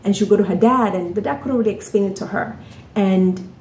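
Speaking at a brisk clip in a mid-range, slightly mellow voice, this woman, an author and vlogger, recounts a story for her casual vlog. She keeps it chatty and frequently asks "right?" and "you know." The room sounds large and echoey.

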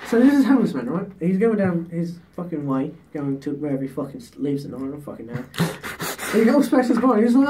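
A woman's voice: fairly low pitch, sing-song, fast talker, dark tone, distant mic, a little hiss or hum, rough recording. A young woman vlogger in casual, crude chat with friends, laughing often and telling a long joke.

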